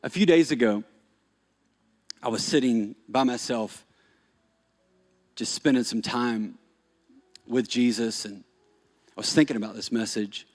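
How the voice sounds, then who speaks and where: A man preaching a sermon as pastor, shifting from animated emphasis to soft-spoken storytelling. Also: on the low side. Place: church stage.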